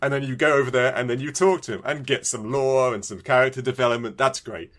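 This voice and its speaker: A man's voice: mid-range voice, quick pace. Chatty British man, laughing often. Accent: British English. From Britain. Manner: animated, laughing often, repeats words. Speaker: podcast co-host. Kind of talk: casual chat.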